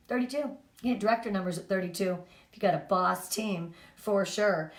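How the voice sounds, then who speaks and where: Middle-aged woman, upbeat sales coach, bright high-ish voice, echoey room. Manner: energetic, coaching, emphatic. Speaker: team leader. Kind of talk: motivational team talk.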